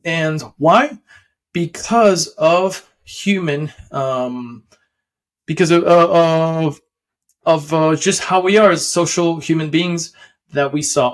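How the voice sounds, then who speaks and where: A man's voice: fairly high pitch, takes it slowly. A young man casually explaining how stocks work, rambling with many fillers and restarts and chuckling often. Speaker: finance video host.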